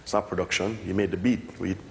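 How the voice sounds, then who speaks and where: Jamaican producer guy talking shop, loose and animated, cussing, roomy hall echo. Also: low-pitched, fast, slight background noise. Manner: animated storyteller, swears, slips into patois impressions. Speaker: record producer giving a lecture. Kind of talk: casual lecture talk. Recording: echoey hall with long reverb.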